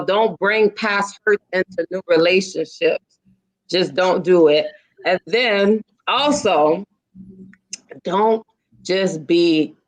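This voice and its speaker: A woman's voice: on the low side, poor audio. A woman on a chat show giving firm, preachy relationship advice in a casual talk. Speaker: guest.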